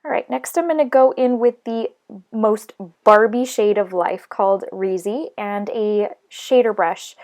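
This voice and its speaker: A middle-aged woman chatting casually through a makeup tutorial, laughing often and filling pauses with "um" and "like.". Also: mid-range voice, darkish tone. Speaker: beauty vlogger.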